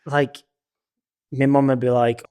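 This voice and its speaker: A man's voice: mid-range voice, flat delivery, measured pace, warm tone, clear, resonant tone, dry recording. A man co-hosting a podcast, telling stories in a laid-back, casual chat and swearing freely. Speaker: podcast co-host.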